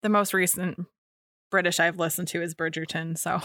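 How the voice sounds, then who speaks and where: A woman's voice: lowish voice, flat delivery, moderate pace, bright, forceful tone, no room sound, studio quality. A young woman co-hosting a podcast, chatting casually with plenty of fillers and restarts. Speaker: podcast co-host. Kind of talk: casual chat.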